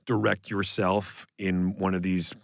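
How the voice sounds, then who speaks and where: Gravelly podcast host asking rambling questions. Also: male voice, low voice, flat delivery, unhurried, dry recording, clean studio sound. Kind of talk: casual chat.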